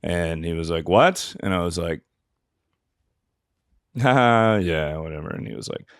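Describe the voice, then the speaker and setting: A man with a fairly low voice tells rambling, self-mocking stories on a comedy podcast, swearing freely as he goes. His voice is recorded close and dry, with no room sound. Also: lively intonation, a little slow, no echo. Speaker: podcast host. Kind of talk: casual comedic storytelling.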